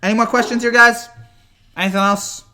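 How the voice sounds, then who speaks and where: A young man chats his way through a live reaction stream, rambling, repeating himself and getting worked up. His voice sits high and sounds bright and sharp, and it cracks often. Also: steady tone, brisk.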